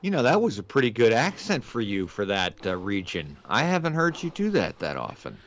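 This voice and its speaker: A man's voice: lowish voice, huge pitch swings, a little fast, a bit bright, highs cut off, a little hiss or hum. A man co-hosting a film podcast, chatting casually with wry, crude humor. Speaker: podcast co-host. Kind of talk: casual film review chat.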